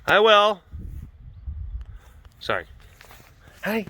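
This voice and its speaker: A man hosting a casual vlog at a wild animal facility, talking in an animated way, laughing often and restarting his sentences. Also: mid-range voice, normal speed, a little hiss or hum.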